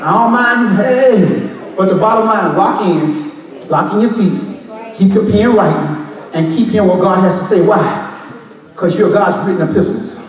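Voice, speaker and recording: A high-voiced man preaches with passion, moving between shouts, half-sung lines and loose street talk. He is heard from far off in a church hall with a long, ringing echo. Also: moderate pace. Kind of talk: Pentecostal sermon. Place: church sanctuary.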